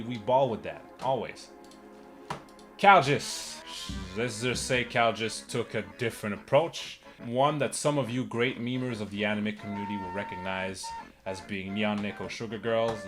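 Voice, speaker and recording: A man giving rambling, sarcastic comedic commentary, swearing often and jumping up in pitch for jokes. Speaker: YouTube comedy host. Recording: music playing behind.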